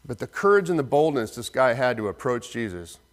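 A man preaching a sermon as pastor, earnest, slowing down for emphasis and acting out the voices in the story. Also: medium pitch, sing-song. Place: church sanctuary. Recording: long reverb of a hall.

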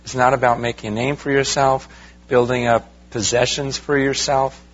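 A man's voice: medium pitch, little pitch movement, normal speed, muffled recording. A man, a pastor, preaching a sermon in a conversational way, asking rhetorical questions and talking straight to his congregation. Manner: addresses the congregation directly.

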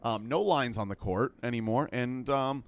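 A man's voice: mid-range voice, moderate pace. A young man co-hosting a casual sports podcast, teasing and arguing in mock outrage. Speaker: podcast co-host.

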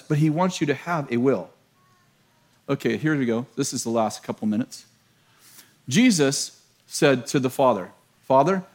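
A middle-aged American pastor preaching a sermon to a church, telling a story with laughter and self-mocking humor. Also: male voice, on the high side. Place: large church.

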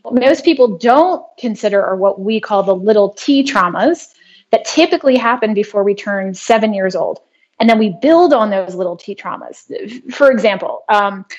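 A woman guest in a conversational interview who explains her wellness work in an earnest, brisk way. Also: medium pitch, lively intonation. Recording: dull lo-fi audio.

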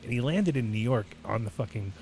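A man's voice: medium pitch, expressive, brisk, heavy background noise. A man hosts a casual podcast in an easygoing, rambling way. He tells stories with plenty of swearing and loose asides. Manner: rambling storyteller, swears freely. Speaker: podcast host. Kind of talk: casual chat.

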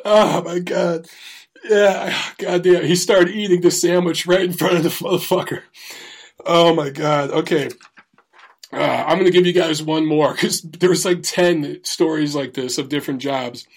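A man's voice: a little high, fairly even intonation, moderate pace. A man telling crude job stories in a casual, profane way, often laughing through the punchlines. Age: adult, former Marine. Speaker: storyteller. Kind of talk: casual storytelling.

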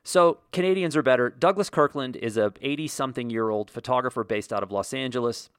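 A man's voice: medium pitch, fairly quick, clean tone, no room sound, studio quality. A man hosting his own podcast, talking in a rambling, sarcastic way with jokey asides and mock quotes. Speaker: podcast host. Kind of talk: solo podcast monologue.

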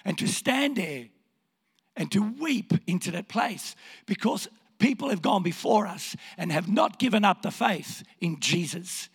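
Hoarse, impassioned male preacher in a hall. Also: high-pitched, animated, measured pace. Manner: impassioned, swings from hushed to shouting. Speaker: pastor. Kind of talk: sermon.

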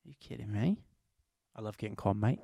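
A young American man hosting a casual podcast, telling rambling, animated stories. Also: on the low side, fairly quick, vocal fry, no echo, studio quality. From United States. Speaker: podcast host.

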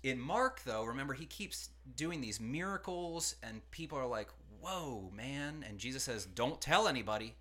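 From a studio, a pastor and podcast host with a bright, clear, medium-pitched voice leads a relaxed teaching conversation. He explains ideas in a chatty, lively manner, now and then dropping into quick acted-out quotes.

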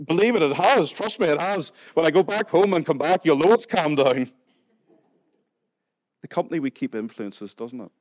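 Preaching conversationally in a church hall, a pastor with a Northern Irish accent quizzes his congregation and jokes from time to time. He has a slightly high, expressive voice at a moderate pace, captured with no echo.

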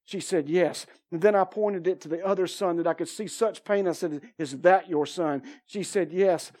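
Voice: medium pitch, moderate pace, darkish tone. Preacher sharing a personal testimony in a sermon, telling the story vividly and voicing each person's lines. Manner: vivid storytelling with repeated phrases, acting out dialogue.

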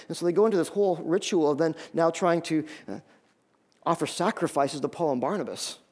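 High-voiced male pastor preaching animatedly. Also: brisk. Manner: animated, repeats words when building emphasis. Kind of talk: sermon.

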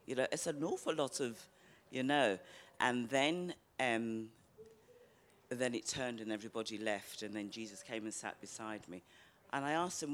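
A man in a church group sharing a personal reflection, halting and emotional, with frequent restarts. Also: medium pitch, a bit bright. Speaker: group participant.

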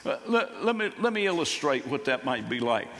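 An older man preaching a sermon as pastor, folksy and halting, with many restarts. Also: medium pitch, big pitch swings, a bit bright. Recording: long reverb of a church hall.

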